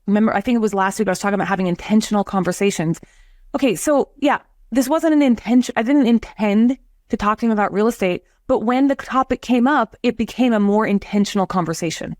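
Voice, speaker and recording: A woman's voice: medium pitch, no room sound, clean studio sound. A woman who works as a real estate agent and hosts a show, chatting casually and telling stories with acted-out quotes. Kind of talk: casual livestream chat.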